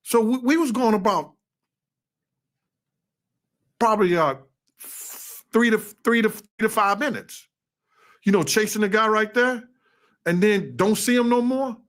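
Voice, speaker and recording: A man telling a tense story in a casual interview, acting out quoted shouts with an animated delivery. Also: high-pitched, a little slow, long pauses. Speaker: interview guest.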